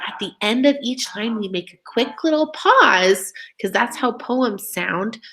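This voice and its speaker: Slow, lively-voiced woman teacher. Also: on the high side. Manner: slow, expressive, sing-song reading aloud. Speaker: reading teacher. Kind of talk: online reading lesson for young children.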